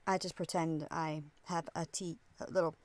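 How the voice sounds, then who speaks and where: A woman's voice: sits low, flat delivery, moderate pace. Casual, hesitant woman co-host. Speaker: podcast co-host. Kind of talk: casual chat.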